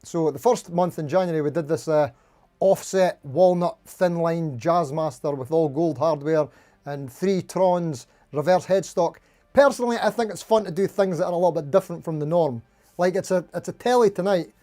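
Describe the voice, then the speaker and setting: A man's voice: fairly high pitch, moderate pace, warm tone. A man hosting a casual live stream, chatting and greeting viewers one by one. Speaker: livestream host.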